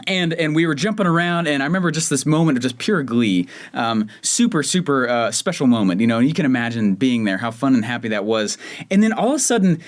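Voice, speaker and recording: A man's voice: mid-range voice, lively intonation, fast talker. Chatty young man hosting a podcast. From Denver, Colorado. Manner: chatty, self-mocking, with many fillers and restarts. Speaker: podcast host. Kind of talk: casual solo podcast storytelling.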